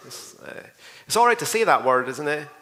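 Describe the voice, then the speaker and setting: A man's voice: fairly high pitch, sing-song, normal speed, sharp tone. A man with a Scottish accent, a pastor giving a rambling, jokey report on a church outreach, full of asides to the listeners.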